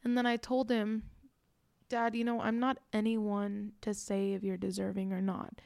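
A young woman in her twenties shares a personal story on her podcast, earnest and reflective, with lots of casual fillers. Her voice is mellow and a little gravelly with vocal fry. She keeps a fairly flat, even delivery, recorded close and dry. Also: mid-range voice, normal speed, no echo. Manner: earnest, reflective, frequent "like" and "you know". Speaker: podcast host.

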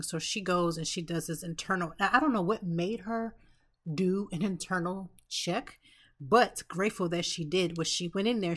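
A woman's voice: lowish voice, steady tone, moderate pace. A woman in her thirties, a podcast host, telling an emotional personal story in an earnest way, with restarts and asides.

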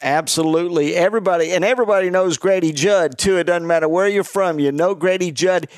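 A man's voice: high-pitched, fast, no echo, studio quality. A man from Florida hosting a casual political chat, opinionated and emphatic, often repeating words. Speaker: podcast host.

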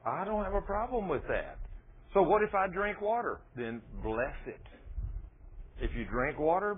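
A man's voice: medium pitch, a little hiss or hum. A man preaching a sermon in a folksy storytelling way, acting out the dialogue in his stories. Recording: tinny phone-like radio broadcast.

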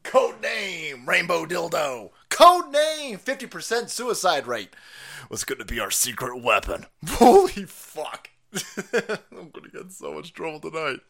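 Male stream host, crude jokey commentary, animated pitch, higher-side voice. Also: unhurried, creaky. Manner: crude, joking, laughs often between remarks. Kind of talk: profane livestream commentary.

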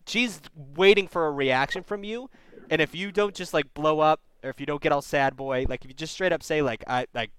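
Male call-in host, smooth clear voice, dry close sound, blunt and profane. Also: fairly high pitch, fairly quick, dry recording. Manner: blunt, swearing, animated. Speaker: advice show host taking calls. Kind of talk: casual call-in advice.

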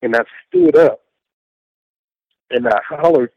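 A man's voice: medium pitch, slow pace, no room sound, dull audio. A middle-aged man recounting his faith testimony as an interview guest, telling it earnestly with lots of repetition and acting out what he said. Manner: earnest, repetitive storytelling with acted-out self-quotes.

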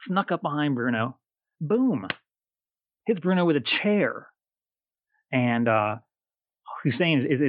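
A man's voice: mid-range voice, no room sound, phone-quality sound. A man co-hosting a casual podcast, telling stories in a chatty way, often stumbling and repeating words. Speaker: podcast co-host. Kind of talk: casual podcast chat about wrestling history.

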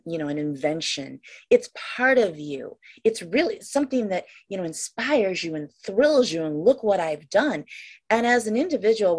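A woman's voice: mid-range voice, darkish tone, slightly rough. A woman hosting an interview, agreeing with her guest and adding her own points enthusiastically. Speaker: host.

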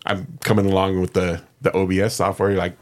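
Man, deep voice, podcast host, earnest, modest, casual chat. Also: level tone, fairly quick.

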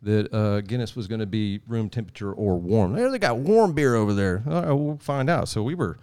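Podcast guest, low voice, rambling folksy storyteller. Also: male voice, lively intonation, fairly quick, a little mellow, clear, resonant tone. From Texas. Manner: rambling, folksy, chuckling asides. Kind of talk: casual storytelling.

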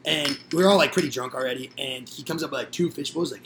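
A young man with a mid-range, gravelly voice talks at a quick pace over background noise. As a guest on a casual podcast, he tells rowdy, profane stories and acts out what other people said.

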